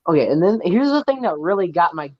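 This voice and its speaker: A man's voice: high voice, very animated, quick pace, no echo, lo-fi sound. A teenage boy telling a rambling story on a podcast, full of "like" and "right?". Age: teens. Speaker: podcast co-host. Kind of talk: casual storytelling while gaming.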